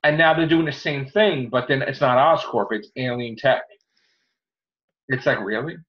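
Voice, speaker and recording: A man's voice: medium pitch, normal speed. Rambling critical man, lo-fi sound. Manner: critical, rambling opinions with many fillers. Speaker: podcast host. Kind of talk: casual movie chat. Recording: dull lo-fi recording.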